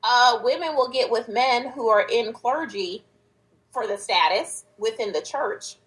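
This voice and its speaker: A woman co-hosting a casual talk show, explaining her points in a measured way. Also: fairly high pitch, fairly bright tone, rough recording. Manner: measured, explains things, a churchgoer. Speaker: co-host. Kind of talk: casual chat.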